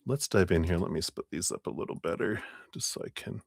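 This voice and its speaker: A man's voice: low-pitched, fairly quick, vocal fry, breathy edge, dry recording. A man hosting a live tarot reading stream, bubbly and giggly, breaking into sing-song sounds. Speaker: tarot reader.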